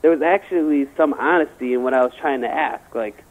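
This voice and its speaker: A man's voice: mid-range voice, fairly quick. A man telling a rambling, crude personal story in casual chat, stammering and restarting often. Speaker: guest. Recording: tinny phone line.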